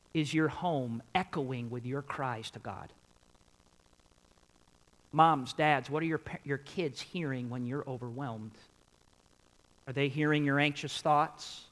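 On poor audio, a pastor with a medium-pitched voice preaches animatedly, his volume rising and falling between quiet and loud. He asks his congregation questions and keeps repeating key points for emphasis.

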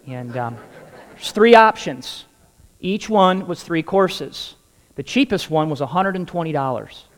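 A male pastor with a high voice leads into his sermon with a funny personal story, playing each part of the dialogue as he goes. His words ring out with long reverb in a large church hall. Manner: humorous storytelling, acting out dialogue.

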